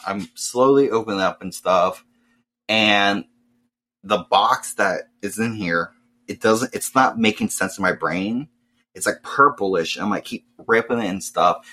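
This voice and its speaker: A young man telling a casual, profane story and acting out loud voices. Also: on the low side, moderate pace. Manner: swears often, acts out voices loudly.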